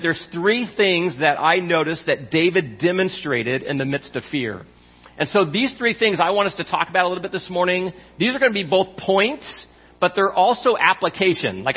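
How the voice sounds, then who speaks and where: A man's voice: a little high, slightly rough. A man preaching a sermon to a congregation in a conversational way, often asking "right?" and repeating himself. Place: church sanctuary. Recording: lo-fi recording with long hall reverb.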